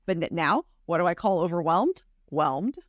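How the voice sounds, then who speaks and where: A woman's voice: fairly low pitch, animated, moderate pace, dry recording, highs cut off. A woman co-hosting a podcast, talking bluntly and casually, with some swearing. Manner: blunt and swearing, laughs easily. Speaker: podcast co-host.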